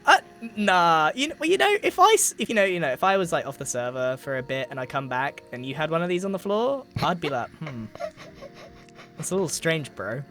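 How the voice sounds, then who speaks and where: Lively man, playful banter. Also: a little high, quick pace, few pauses, faint music behind. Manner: playful, teasing. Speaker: guest player. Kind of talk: casual gaming chat.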